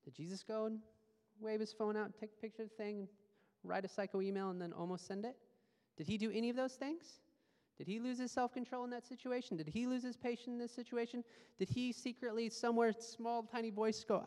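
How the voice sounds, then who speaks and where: A man preaching a sermon as a pastor, animated and conversational, with playful asides. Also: very high-pitched, brisk, smooth, in a large hall.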